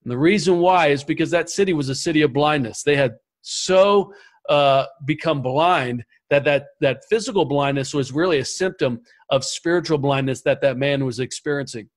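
A man on a panel telling his spiritual testimony in an animated way, often repeating words as he goes. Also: fairly high pitch, moderate pace. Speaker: panel guest. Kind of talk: storytelling testimony.

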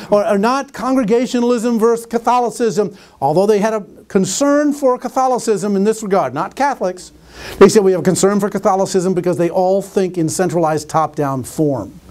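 Guy with a pretty high voice giving a talk, animated, keeps restarting phrases and quizzing the crowd. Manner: animated, restarts phrases often, asks the audience questions. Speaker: conference speaker and teacher. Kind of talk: lecture with storytelling.

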